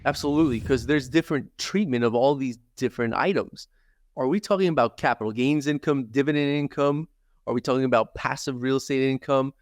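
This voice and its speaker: A man at a middle pitch lays out tax matters methodically, point by point, as a podcast guest. His voice sits close and dry, with no room around it. He sounds like a seasoned professional. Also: a little fast, no room sound. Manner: steady, methodical explainer who lists examples. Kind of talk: podcast interview, explaining.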